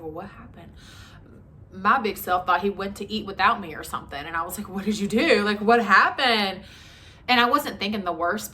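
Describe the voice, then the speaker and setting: Woman in her twenties, vlogger, candid storytime, bright tense tone, frank chatty delivery, faint hiss behind. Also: on the low side. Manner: frank and conversational, with many likes and ums.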